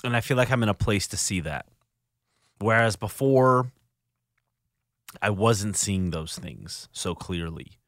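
A man's voice: fairly low pitch, a bit bright, no echo. A man hosting a solo podcast in a studio, speaking earnestly and reflectively, often stopping to restart his sentences. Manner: earnest, halting with frequent restarts. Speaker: podcast host. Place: recording studio.

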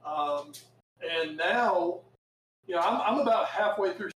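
A man co-hosting a podcast in casual chat, excitable and animated, breaking into shouted asides. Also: high-pitched, takes it slowly, reverberant, slight background noise, poor audio. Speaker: podcast co-host.

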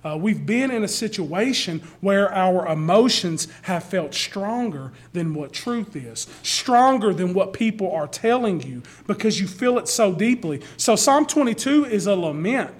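A man's voice: sits high, animated, a little slow, few pauses. A male pastor giving a conversational sermon, often repeating words as he starts a sentence.

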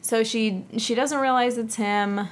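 Woman co-host, high voice, unhurried, animated casual movie talk. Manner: animated, acts out movie characters, swears casually. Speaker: podcast co-host.

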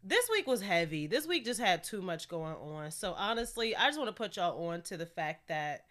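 A woman's voice: fairly low pitch, big pitch swings, moderate pace, fairly bright tone. A young woman hosting her own podcast in a casual, candid solo chat, talking freely and laughing often. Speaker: podcast host.

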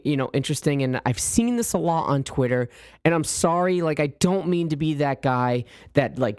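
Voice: mid-range voice, darkish tone, dry recording. An opinionated podcast host talks through a fan's worries in casual chat, with apologetic asides before emphatic points. The voice sits mid-range and sounds dry and close.

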